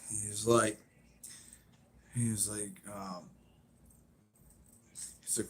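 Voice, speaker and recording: A man's voice: fairly low pitch, little pitch movement, takes it slowly, long pauses. A man hosting a live stream, chatting casually and rambling as he retells scenes with lots of fillers.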